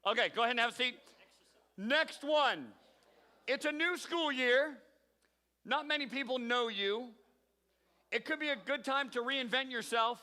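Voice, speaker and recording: Leading a game for his youth group, a youth pastor with an extremely high, bright and forceful voice calls teens out by name and teases them in fun. He speaks unhurriedly with long pauses, his words trailing long reverb through the large hall filled with an audience.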